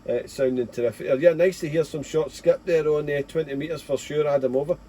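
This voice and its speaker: A man's voice: a little high, fairly even intonation, brisk, mellow, a little hiss or hum. A Scottish man in his forties, a ham radio operator chatting casually at his home station, full of folksy fillers. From Scotland. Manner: chatty, folksy, leans on 'there' and 'mate'. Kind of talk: casual radio contact chat. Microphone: radio transceiver mic.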